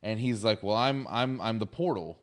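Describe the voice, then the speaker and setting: Guy on a podcast excitedly retelling episodes, does little voices for the characters, jumps up high a lot. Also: moderate pace. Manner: animated retelling, acting out quotes with lively pitch jumps. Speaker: podcast co-host. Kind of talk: casual chat recapping episodes.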